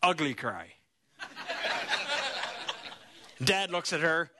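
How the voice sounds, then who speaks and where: A man preaching a sermon, telling a story in an animated, lively way. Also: a little high, drawn-out words, background noise.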